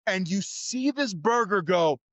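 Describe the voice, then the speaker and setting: Animated storyteller, high-voiced man. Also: measured pace, no echo. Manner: acts out voices and shouts in his stories. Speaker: guest.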